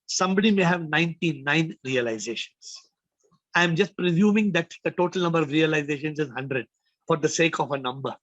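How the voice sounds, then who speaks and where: Guy teaching on a video call, high voice, dry muffled sound, keeps repeating stuff for emphasis. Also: brisk, a bit bright, no echo. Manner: emphatic, repeats phrases, rhetorical questions. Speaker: spiritual teacher hosting a call.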